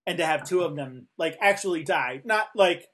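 A man's voice: a little high, lively intonation, normal speed, a bit bright. A man co-hosting a casual discussion, talking with many fillers and restarts. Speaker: podcast co-host.

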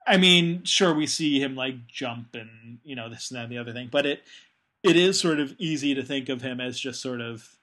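Bright-voiced man podcast co-host. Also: medium pitch, moderate pace. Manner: hesitant, lots of fillers. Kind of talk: casual chat.

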